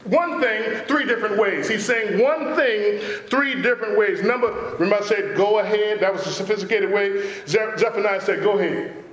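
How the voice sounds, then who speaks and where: A man a call-and-response sermon, drawling asides and sudden shouts. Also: high-pitched, moderate pace, hardly any pauses. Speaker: pastor. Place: church sanctuary. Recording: very echoey church hall.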